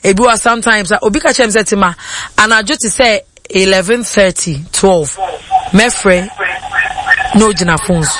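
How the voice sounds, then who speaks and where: A woman's voice: medium pitch, normal speed, a bit bright, dry recording. A woman with a Ghanaian accent hosting a call-in radio show, animatedly giving advice and mixing English with Twi.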